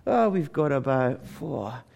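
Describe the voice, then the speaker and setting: A man's voice: medium pitch, big pitch swings, slow, creaky, a little mellow, heavily acted. A man doing a dry unimpressed Scottish farmer. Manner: dry, understated.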